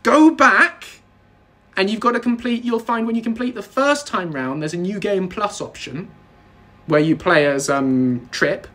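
A man's voice: high-pitched, a little slow, a bit bright. A British man hosting a casual baking livestream, joking, self-deprecating and rambling as he chats with his viewers. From Britain. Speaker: livestream host.

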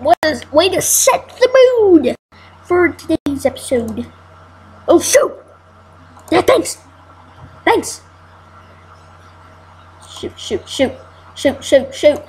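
A woman's voice: high voice, a little mellow, rough recording. A woman giving casual let's-play commentary, frustrated and exclaiming, repeating herself as she plays. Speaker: gameplay commentator.

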